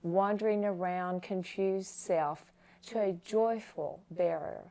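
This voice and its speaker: Her voice low, slow, and dark, a woman interviewing a guest on a Christian talk show is overcome with tears. She grows emotional while paying tribute to her guest.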